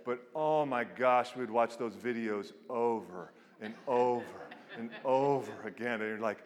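A middle-aged man preaching a sermon as a pastor, telling stories with lively, playful quoted voices. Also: normal speed. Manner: animated storytelling, acts out quotes with big pitch jumps. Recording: long hall reverb.

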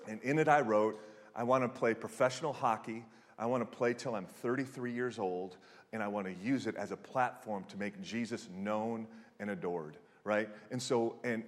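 A man's voice: medium pitch, big-room sound. A man preaching a sermon as pastor, telling stories in a loose conversational way with many restarts. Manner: conversational storytelling with frequent restarts and fillers.

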